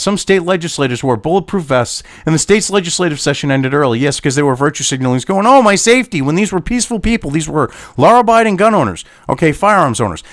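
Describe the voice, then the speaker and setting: A man's slightly high voice comes through clean and dry in studio sound as he hosts a political commentary show. He reads an article aloud and reacts in an angry rant, insulting it sarcastically and profanely.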